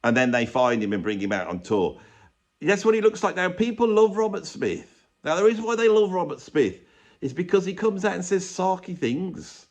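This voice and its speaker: A man's voice: sits high, expressive, moderate pace. A man ranting sarcastically in a rambling vlog, filmed in a room with bare brick walls. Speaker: YouTuber and drummer.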